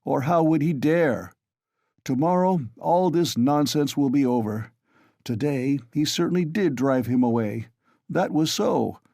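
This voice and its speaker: A man voicing a tipsy young man who blusters loudly and urgently. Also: on the high side, measured pace, vocal fry, dry recording, clean studio sound, voice pushed up. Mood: blustering. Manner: loud, blustering.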